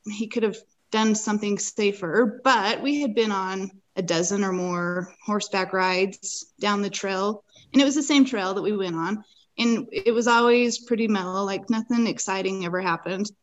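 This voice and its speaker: A woman's voice: mid-range voice, a little slow, rough recording. A woman guest on a podcast, recounting a personal experience in earnest, vivid detail. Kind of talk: personal storytelling in a conversation.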